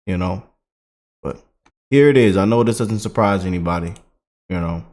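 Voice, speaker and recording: A man's voice: sits low, moderate pace, a little mellow. A man ranting in a casual, repetitive and colloquial way as a political commentary vlogger.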